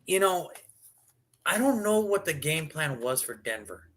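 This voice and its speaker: A man co-hosting a sports show, speaking in slow, hesitant casual talk. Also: fairly high pitch, very animated, a bit bright.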